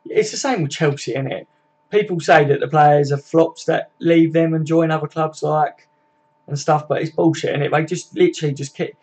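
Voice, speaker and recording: Chatty young lad, flat pitch. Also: male voice, normal speed, husky. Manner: chatty, swears, tag questions. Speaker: live stream host. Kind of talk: casual live chat reading comments.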